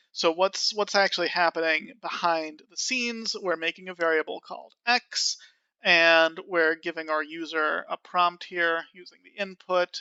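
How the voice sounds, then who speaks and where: A man's voice: sits high, gravelly, sharp tone, clear, resonant tone, dry recording, lo-fi sound. A man giving a casual programming tutorial, chatty and self-amused, with frequent fillers. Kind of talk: screen-recorded coding tutorial.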